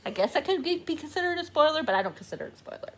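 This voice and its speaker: A woman chatting casually in a book vlog, gushing and excitable, laughing often, talking from a room at home. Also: high-pitched, rapid-fire, a little hiss or hum. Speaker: book vlogger. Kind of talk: casual reading vlog chat. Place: home room with door open.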